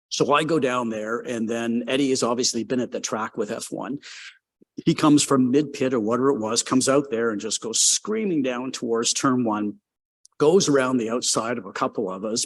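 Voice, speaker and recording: Guest, male, 60s, from Canada. Ex-racer, casual storyteller who rambles, says "um" a lot and perks up at the punchlines. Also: mid-range voice. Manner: rambling, filler-heavy, lively when telling a story. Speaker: guest, former race car driver.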